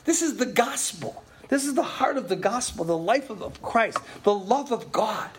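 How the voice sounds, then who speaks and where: An older man preaching a sermon to his congregation, telling stories with chatty asides and frequent laughs, dropping to murmurs and rising to loud exclaims. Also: moderate pace, background noise. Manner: animated storytelling, swings from low murmurs to loud exclaims. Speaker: pastor.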